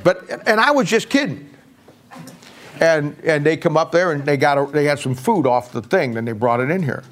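An older man, a pastor, preaching a sermon in a folksy storytelling way and going soft and quiet when he quotes himself. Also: a little high, animated, moderate pace, slight background noise.

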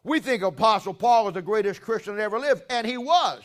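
A man with a strikingly high voice preaches to a congregation. He asks them questions and leans hard into his key lines, rising into near-shouts when he drives a point home. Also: expressive, a little fast. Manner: emphatic, questions the congregation and builds to loud stresses. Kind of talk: sermon.

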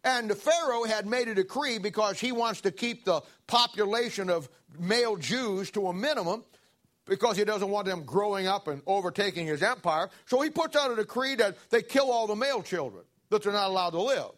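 High-voiced folksy male preacher. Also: a little fast. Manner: folksy, animated retelling with fillers and asides. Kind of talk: sermon storytelling.

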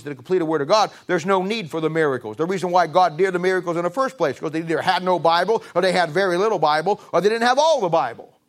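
In a high voice, a man delivers a sermon with a steady cadence, using repetition to press each point. His emphasis swells upward and then falls low, and he tends to restart and repeat phrases.

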